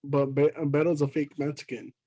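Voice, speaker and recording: A man's voice: fairly high pitch, flat delivery, moderate pace, mellow. A man co-hosting a casual podcast, joking and teasing his friend. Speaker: podcast co-host.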